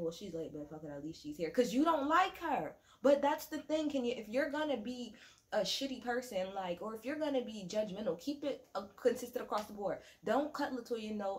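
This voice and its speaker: A woman giving a casual, profane, sassy rant reviewing a reality show, with quick mocking asides. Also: fairly high pitch. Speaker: reality TV recap vlogger. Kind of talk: casual ranting recap.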